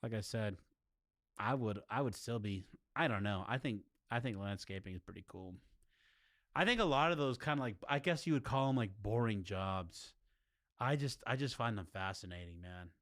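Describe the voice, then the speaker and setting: A man's voice: fairly low pitch, normal speed, a bit bright, no echo, clean studio sound. A young man from chatting casually with his stream viewers, rambling and laid-back, often calling them dude and bro.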